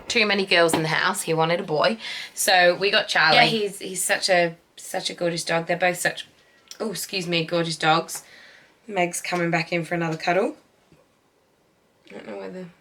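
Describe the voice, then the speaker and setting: A woman's voice: fairly low pitch, sharp tone, a little hiss or hum. Chatty woman cooing over her dogs. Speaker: vlogger introducing her dogs. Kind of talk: casual chat to camera. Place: home, indoors. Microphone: camera resting on the bed.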